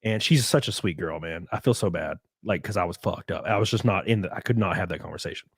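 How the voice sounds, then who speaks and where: A young man in casual podcast chat, rambling through a story with lots of likes and restarts and sudden bursts of excitement. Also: low-pitched, fast, creaky, breathy edge, no echo, clean studio sound. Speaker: podcast guest.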